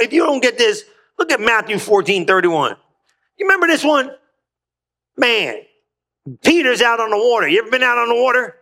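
A man preaching a lively sermon, talking casually with slang and frequent asides to the congregation, telling stories between scripture. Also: high voice. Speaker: pastor.

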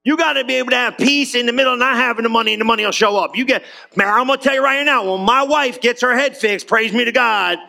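A man preaching an energetic sermon, conversational and full of slang, acting out quick voices, swinging between loud bursts and low drawn-out lines, and asking the congregation questions. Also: creaky. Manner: casual slang, asks the room questions. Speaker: pastor.

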